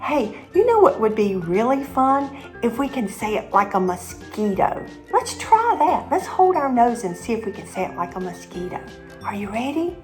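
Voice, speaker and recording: A woman teaching children a memory verse, slowly and clearly, with lots of praise. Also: on the high side, big pitch swings, soft background music. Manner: warm encouraging praise, slow and clear. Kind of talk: memory verse drill for kids.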